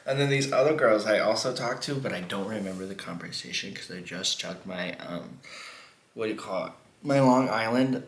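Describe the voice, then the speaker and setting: A man's voice: lowish voice, normal speed, a little hiss or hum. A man vlogging a mukbang, telling a story in a rambling, profane way and laughing often. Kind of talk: casual storytelling while eating. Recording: echoey room.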